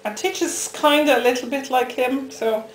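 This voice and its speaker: A woman's voice: sits high, moderate pace, a little hiss or hum. Chatty Dublin woman in an echoey room. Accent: Dublin Irish. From Ireland. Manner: chatty, teasing, self-mocking. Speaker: soap-making video host. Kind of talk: casual chat while cutting soap.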